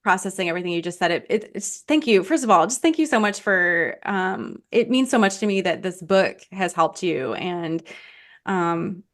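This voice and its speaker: A woman's voice: on the low side, animated, normal speed. A middle-aged woman, an author guest on a podcast, talking casually with many fillers and frequent laughs. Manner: warm, laughing, thinks aloud with many fillers.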